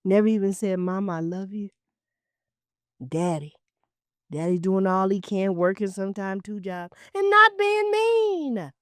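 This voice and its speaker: A woman hosting a talk show, telling heartfelt stories in an emphatic, preachy way with repeated phrases, dropping at times to hushed, near-whispered asides. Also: sits high, no room sound, clean studio sound. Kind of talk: heartfelt storytelling monologue.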